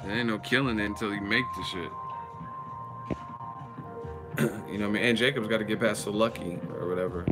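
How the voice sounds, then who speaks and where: A grown man streaming live, ranting bluntly and profanely about boxing, with mocking asides in a high sneering voice. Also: brisk, pauses often, over music. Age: adult. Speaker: boxing commentary livestreamer. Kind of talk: casual livestream rant.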